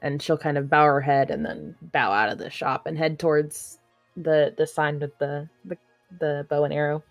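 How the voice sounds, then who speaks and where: A woman host playing a tabletop game, chatty and quick to laugh. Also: deep voice, no room sound, muffled recording, faint music behind. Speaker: player and channel host. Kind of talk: casual tabletop game play.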